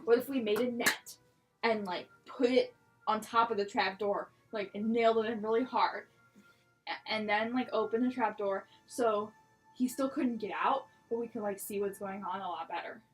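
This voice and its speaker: A woman's voice: medium pitch, moderate pace, faint music behind, poor audio. A woman playing a tabletop game, hesitant and giggly with many ums. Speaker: player. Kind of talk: casual tabletop play.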